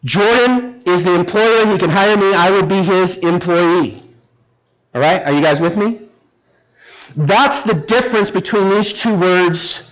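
High-voiced man preaching, checking in often. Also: a bit bright, rough recording. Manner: engaging, repeatedly checks in with the congregation; teacherly, walks through Bible verses word by word. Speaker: pastor. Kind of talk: sermon.

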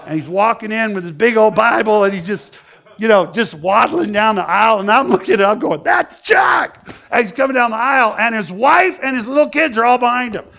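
A high-voiced male pastor tells a story during a church sermon, in an animated and lively manner. His tone is bright and gravelly, and the recording sounds dull and lo-fi. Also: quick pace.

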